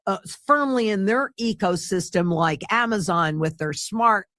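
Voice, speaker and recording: A woman's voice: mid-range voice, animated, a little slow, a bit bright, no room sound, clean studio sound. Woman giving a cautionary lecture. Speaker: financial commentator. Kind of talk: lecture clip played on the stream.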